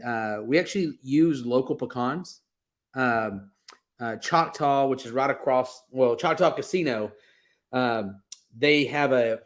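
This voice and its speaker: A man's voice: mid-range voice, fairly bright tone. A man, a brewery owner chatting casually and joking about his beers. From Texas. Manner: laid-back, joking, talks through fillers and restarts. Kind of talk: casual interview on a livestream.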